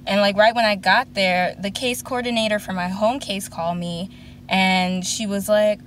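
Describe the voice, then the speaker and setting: A woman in her twenties vlogs from a parked car, chatting casually as she tells a long story and acts out the voices of the people in it. Her voice is medium-pitched with fairly even intonation at a normal speed, and there's a little hiss or hum.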